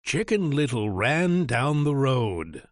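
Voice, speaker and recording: Slow, expressive male storybook narrator. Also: medium pitch, no room sound, clean studio sound. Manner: expressive, deliberate. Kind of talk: storybook read-aloud narration.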